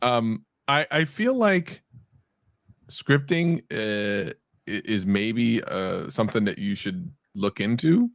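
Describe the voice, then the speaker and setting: Animated low-voiced man, joking co-host. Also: slow pace, dry recording, studio quality. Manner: animated, joking, laughs easily. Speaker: co-host of a channel review stream. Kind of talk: casual live-stream chat.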